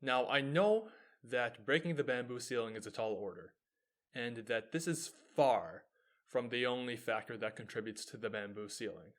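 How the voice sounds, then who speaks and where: A man's voice: mid-range voice, moderate pace. A young man in his twenties hosting his own show, giving a scripted explanatory monologue, earnest and posing rhetorical questions that he then answers. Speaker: show host.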